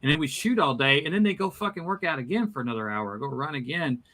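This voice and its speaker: A man co-hosts a relaxed movie podcast and spins behind-the-scenes anecdotes. His voice is bright and forceful, and he keeps restarting phrases as the story tumbles out. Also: fairly high pitch, fast talker. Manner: animated storytelling with many restarts. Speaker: podcast co-host. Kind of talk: casual podcast chat.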